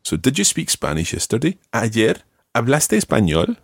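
A man's voice: medium pitch, wildly swooping pitch, moderate pace, gravelly, slightly rough, no echo, clean studio sound. A man teaching Spanish one to one, patient, repeating each word for his student. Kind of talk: one-to-one language lesson.

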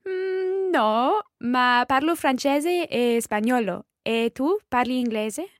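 A woman playing a polite young Scottish woman tourist who is learning Italian and speaks it slowly and carefully. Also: high voice, animated, no room sound, studio quality.

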